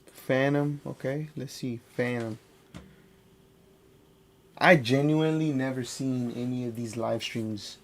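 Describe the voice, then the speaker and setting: A man's voice: mid-range voice, slow pace, pauses often. A young man hosting a reaction livestream, laid-back, exclaiming and talking to himself between clips. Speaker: reaction stream host.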